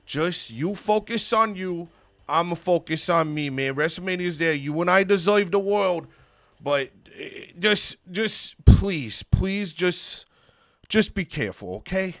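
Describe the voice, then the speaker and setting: A man's voice: high-pitched, lively intonation, measured pace, a bit bright, dry recording, exaggerated voice. A man voicing a brash male wrestler who defends himself, curt then pleading. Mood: defensive.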